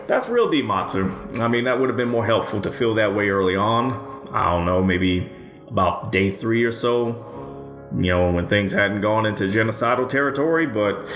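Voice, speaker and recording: Casual male history narrator, low voice, sarcastic and foul-mouthed, roomy echo. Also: fairly bright tone. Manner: profane, sardonic asides. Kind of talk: casual history narration with crude dark humor. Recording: roomy echo with faint music.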